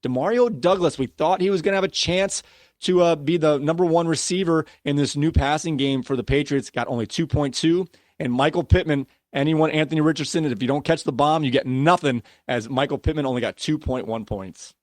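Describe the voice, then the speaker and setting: A man's voice: a little high, a little fast, no echo, studio quality. A man hosting a casual fantasy football podcast, ranting and laughing at himself as he runs through player stats. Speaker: podcast host.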